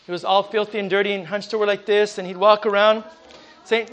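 A man's voice: high voice, little pitch movement, fairly quick, a bit bright. A man preaching a sermon with personal testimony, fervent, and often breaking into exclamations of praise. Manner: repeats words at the start of phrases. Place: church service with congregation.

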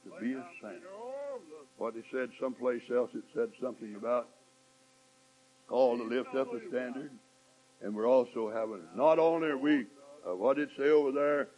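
A man preaching a sermon, repeating phrases and swinging from hushed asides to shouts. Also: mid-range voice, dull audio. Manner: swings from hushed to shouting, mimics complaining voices; repeats phrases, drawn-out emphatic lines.

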